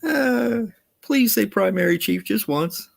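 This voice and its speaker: A man's voice: high-pitched, lively intonation, slow pace, gravelly. A middle-aged man chatting casually, laughing often and swearing freely. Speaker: podcast co-host. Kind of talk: casual chat.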